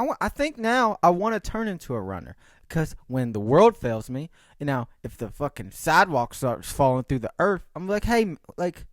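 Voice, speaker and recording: A man's voice: on the high side, no room sound, studio quality. A young man talking in a casual solo podcast monologue, rambling, swearing and joking. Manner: rambling, profane, animated, jokey. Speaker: podcast host.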